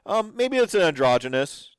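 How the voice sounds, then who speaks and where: A podcast host reacts to videos with enthusiastic, rambling casual commentary full of fillers. His slightly high voice is sing-song and clean, at normal speed with no echo.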